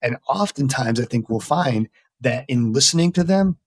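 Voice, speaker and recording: A man's voice: mid-range voice, expressive, normal speed, breathy edge, dry recording. A middle-aged American man, a guest in a podcast interview, speaking earnestly and emphatically in casual conversation. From United States. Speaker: veteran mental health worker, interview guest.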